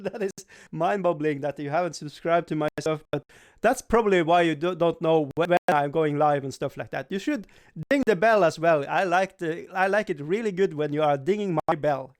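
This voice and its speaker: A man hosting a casual live stream, rambling, laughing often and swearing playfully while he reads the chat. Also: a little high.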